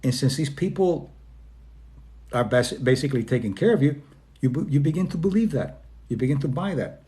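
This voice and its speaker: A man from Spain speaking informally about self-esteem, often acting out quoted people in quick voice changes, with plenty of fillers and restarts. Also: mid-range voice, animated, mellow. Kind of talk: informal talk to an online audience.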